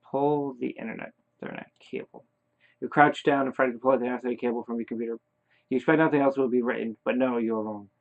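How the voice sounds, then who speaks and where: A man reading a horror text game aloud in second person, halting and correcting his own slips. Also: mid-range voice, steady tone. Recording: tinny phone-like sound.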